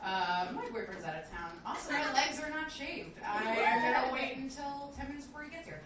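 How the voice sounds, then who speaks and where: A woman's voice: high voice, lively intonation, brisk, crowd noise. A woman in her twenties doing stand-up storytelling, chatty and self-deprecating, full of fillers. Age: 20s. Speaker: stand-up comedian. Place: comedy club stage. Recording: echoey club from a distance with noise.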